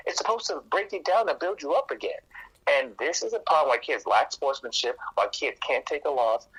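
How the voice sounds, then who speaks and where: A man's voice: a little high, husky, rough recording. A man, a coach and teacher, talking casually as a podcast guest and acting out the voices in his stories. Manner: lively storyteller, acts out quoted voices.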